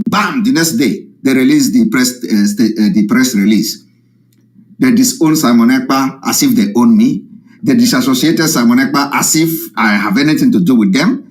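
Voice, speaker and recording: Broadcasting live from home, an activist with a mid-range, darkish male voice delivers a heated monologue to his followers. He is combative and mocking, repeating himself often.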